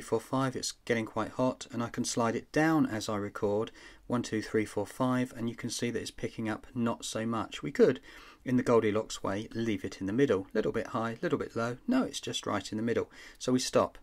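Casting: man, mid pitch, easygoing tutorial voice, thinks aloud while demoing software. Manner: chatty, thinks aloud, counts out loud while testing. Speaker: app reviewer. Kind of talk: casual screen demo walkthrough.

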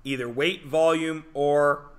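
A man's voice: fairly high pitch, steady tone, slow pace. A male teacher giving a joking, self-deprecating classroom lecture to his students.

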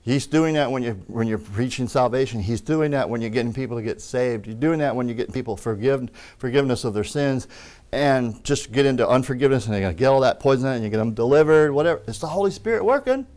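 A man preaching a lively sermon, acting out quoted voices and laughing along the way. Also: medium pitch, fast.

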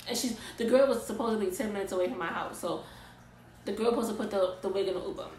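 A woman's voice: mid-range voice, quick pace, roomy sound, slight background noise, rough recording. Exasperated young woman telling a story. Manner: animated, exasperated storytelling with casual slang. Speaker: vlogger. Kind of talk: storytime vlog.

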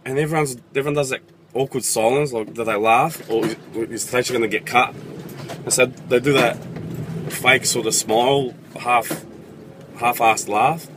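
A man's voice: mid-range voice, steady tone, moderate pace, background noise. A young man with an Australian accent, telling sarcastic, sweary comedic stories in a vlog.

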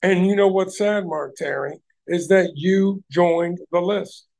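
Gravelly man ranting on a livestream. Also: sits high, a little slow, darkish tone. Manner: heated, confrontational, swears heavily. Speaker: livestream host. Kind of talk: profane ranting livestream chat.

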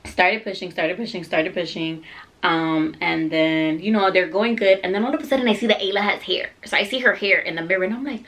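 A young adult woman vlogger telling a story in a candid, animated, casual way, cursing freely. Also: on the low side, a little fast.

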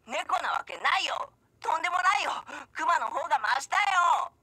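A woman's voice: extremely high pitch, animated, fast, pushed and bright, dry recording, exaggerated voice. A shrieking, terrified mouse-boy. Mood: indignant. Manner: panicky, shrieking. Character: timid young man afraid of cats. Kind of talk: game voice acting.

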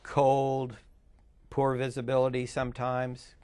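An older man, an underwater photographer, chatting as a guest in an interview, telling long anecdotes with many pauses and fillers. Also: mid-range voice, monotone, a little mellow, clean tone. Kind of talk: casual interview storytelling.

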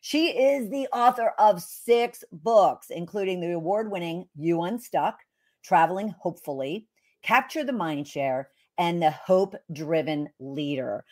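A woman's voice: on the low side, measured pace, darkish tone. A woman hosting an interview podcast, introducing her guest with effusive enthusiasm. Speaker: podcast host.

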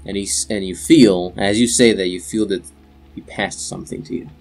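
A man's voice: low voice, steady tone, moderate pace, vocal fry, darkish tone. A young man narrating as game master for a tabletop game, in a loose, rambling way with many fillers.

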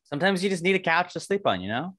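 A man's voice: high-pitched, very animated, fast, a bit bright. A man co-hosting a podcast in casual chat, rambling loosely and often acting out the voices of the people he quotes. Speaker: podcast co-host.

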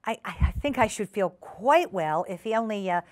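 A woman's voice: mid-range voice, animated, normal speed, darkish tone, no echo, clean studio sound, natural voice. A woman voicing a fretful, flustered lady dog in a storybook reading, sighing and stammering.

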